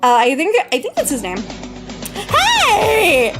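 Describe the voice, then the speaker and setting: A young woman streamer chatting casually with her live chat, bubbly and giggly, greeting viewers warmly. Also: sits high, huge pitch swings, quick pace. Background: faint background music.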